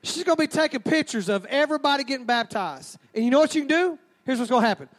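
A man's voice: extremely high pitch, animated, quick pace. A man preaching a sermon, folksy and joking as he calls out to the crowd.

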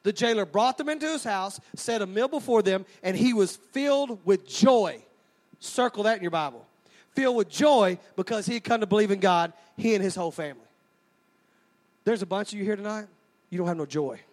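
A man's voice: high-pitched, animated, moderate pace. A man preaching a sermon, folksy and joking as he calls out to the crowd.

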